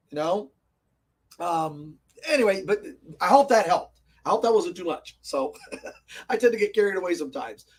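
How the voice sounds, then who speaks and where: High-voiced, excitable male gaming host. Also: husky. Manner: rambling and excitable, laughs often. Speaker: host of a tabletop gaming show. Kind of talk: casual live stream chat. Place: comic and game shop.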